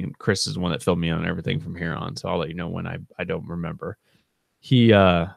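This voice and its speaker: A man's voice: sits low, creaky, dry recording, clean studio sound. A man co-hosting a vlog, telling a long story in a laid-back, rambling way with lots of fillers. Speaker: channel co-host.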